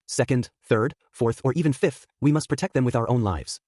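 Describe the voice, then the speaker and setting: A man's voice: mid-range voice, fairly quick, no room sound, studio quality, lightly acted. A man voicing a fierce, hot-tempered young woman in a fanfic reading. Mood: fierce, angry. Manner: fierce, shouting.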